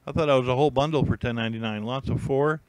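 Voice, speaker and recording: A man's voice: mid-range voice, rapid-fire, dry recording, poor audio. A man hosting a casual live stream, rambling and thinking aloud with many fillers and restarts while he browses listings. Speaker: YouTube host.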